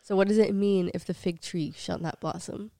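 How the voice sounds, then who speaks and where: A woman's voice: on the low side, steady tone, moderate pace, gravelly, mellow, no echo, studio quality. A woman co-hosting a podcast in casual, chatty talk, often giggling. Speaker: podcast co-host.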